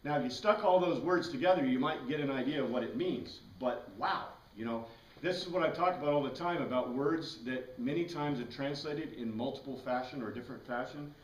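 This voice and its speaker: A man's voice: mid-range voice, a little fast. A man teaching a Bible class, explaining words patiently, spelling some out letter by letter, with enthusiastic asides. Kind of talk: classroom lecture. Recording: roomy echo, mic far away.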